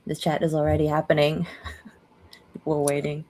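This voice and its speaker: A woman with a hosting a casual online community call, upbeat and quick to laugh, with fillers. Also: low voice, fairly even intonation, warm tone.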